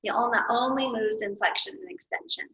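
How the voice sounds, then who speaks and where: Woman anatomy teacher, bright, slightly high voice, self-correcting, muffled lo-fi recording. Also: a little fast. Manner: patient, thinking aloud, corrects herself. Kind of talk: explaining anatomy while drawing. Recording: dull lo-fi recording.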